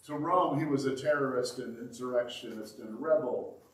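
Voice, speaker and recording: A man preaching a sermon as pastor, dramatic and animated, reading scripture aloud and acting out the quoted lines. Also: mid-range voice, normal speed. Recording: roomy sound, mic at a distance.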